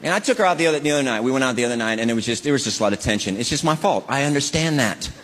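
A man's voice: mid-range voice, expressive, racing, slight background noise. A middle-aged man performing stand-up comedy, animatedly acting out both sides of marital arguments. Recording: live show with loud crowd laughter.

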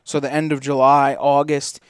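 Smooth-voiced man telling loose stories. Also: mid-range voice, little pitch movement, moderate pace, no room sound, studio quality. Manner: loose and rambling, full of fillers and swearing. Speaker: podcast co-host. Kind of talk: casual storytelling.

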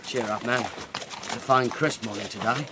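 A calm, earnest young Englishman in a mid-range voice, as a man plays him. He speaks evenly in a radio drama, with clear background noise under the recording. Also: medium pitch, moderate pace, lightly acted. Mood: reassuring.

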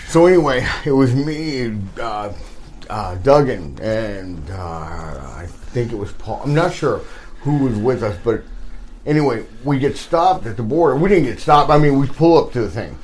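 A man telling a story in casual chat, animated and profane, acting out the people he talks about. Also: mid-range voice. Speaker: guest storyteller.

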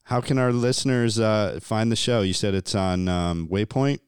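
A man's voice: lowish voice, normal speed, clear, resonant tone, no room sound, clean studio sound. A man hosting a casual interview, friendly and easygoing, laughing along with his guest. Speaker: podcast host.

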